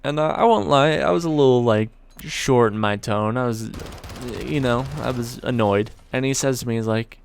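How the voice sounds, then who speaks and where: A young man casually telling a story from his job, relaxed and conversational, with casual swearing. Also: mid-range voice, moderate pace, vocal fry, slight background noise. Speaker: storyteller, video creator.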